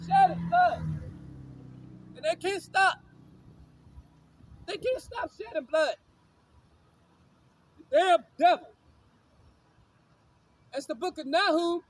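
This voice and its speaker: A man's voice: extremely high pitch, takes it slowly, pauses often, low-quality recording. A man preaching in a confrontational way, reading scripture aloud, repeating his lines and hurling insults. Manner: repetitive, insulting, shouts lines again and again. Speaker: street preacher.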